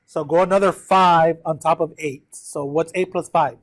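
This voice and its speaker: A man's voice: a little high, fairly even intonation, moderate pace. A man teaching a math lesson, working through a graph step by step, counting aloud and addressing his students directly.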